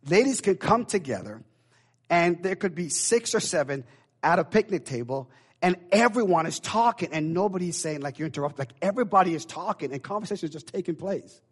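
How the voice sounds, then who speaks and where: A male preacher with a slightly raised pitch tells a personal story from the pulpit. He circles back on himself, stacking restarts and repeated words. The delivery stays conversational as he builds toward his point. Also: expressive, brisk, slightly rough. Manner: rambling storytelling with many restarts. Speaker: pastor. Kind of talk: sermon.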